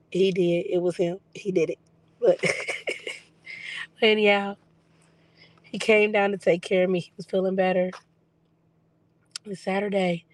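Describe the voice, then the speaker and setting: A woman talks through her personal video journal in a loose, chatty way, her voice still coming back after weeks of illness. Her pitch stays fairly even and level, and the recording sounds dry and close. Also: no room sound. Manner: chatty, relaxed storytelling with fillers. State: recovering from lost voice. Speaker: psychic medium vlogger.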